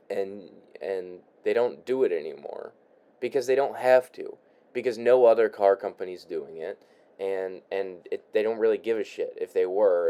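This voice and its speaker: Low-voiced young man rambling nostalgically. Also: dark tone, muffled recording. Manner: halting, repeats words, sighs, swears casually. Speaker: vlogger. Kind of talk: rambling casual monologue while crafting. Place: his room.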